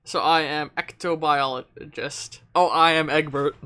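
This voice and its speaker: A man's voice: on the high side, fairly even intonation, unhurried, sharp tone, clear, resonant tone. A man streaming, chatting casually and goofily while reading a webcomic aloud, laughing often. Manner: goofy, joking, laughs often. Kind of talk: casual read-along chat.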